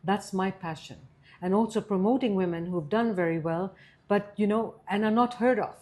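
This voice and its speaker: A woman's voice: mid-range voice, normal speed, a little mellow. A woman hosting a podcast interview, asking encouraging questions of her guest. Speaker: podcast host.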